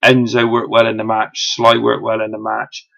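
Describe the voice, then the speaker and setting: Gravelly low-voiced man reviewing. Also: monotone, moderate pace, a bit bright. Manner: rambling, lots of fillers and restarts, enthusiastic. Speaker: wrestling show reviewer. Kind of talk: casual solo review. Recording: dull lo-fi home recording.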